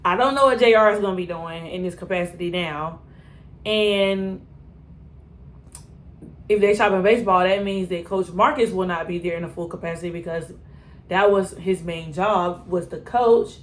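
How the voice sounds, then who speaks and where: A woman's voice: fairly low pitch, normal speed. Exasperated woman reacting to TV. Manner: animated, exasperated, talks back to characters on screen. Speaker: TV reaction reviewer. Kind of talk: casual reaction commentary.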